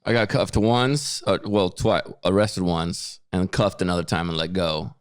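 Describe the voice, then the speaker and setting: A man co-hosting a podcast, telling a story with lively acted-out quotes. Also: low voice, a little slow, smooth, no room sound, studio quality. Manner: animated storyteller, acts out quotes. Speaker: podcast co-host. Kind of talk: casual chat.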